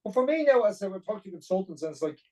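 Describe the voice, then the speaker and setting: Podcast guest: middle-aged man, rapid, warm-toned, earnest and blunt, sitting back from the mic. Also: sits high, sing-song, distant mic, rough recording. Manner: blunt and earnest, peppered with "like" and "you know". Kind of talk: personal storytelling interview.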